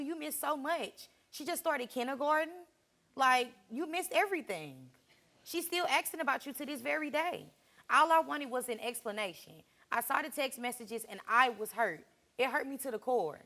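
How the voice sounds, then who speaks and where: A woman's voice: sits high, sharp tone. A young woman appearing as a talk show guest, speaking hesitantly with many fillers as she confronts her friend.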